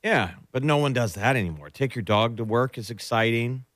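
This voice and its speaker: A man's voice: mid-range voice, lively intonation, a little fast, a bit bright, no echo, clean studio sound. A man co-hosting a morning radio show, telling rambling stories and acting out little bits. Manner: rambling storyteller, acts out bits. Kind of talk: casual on-air banter. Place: radio studio.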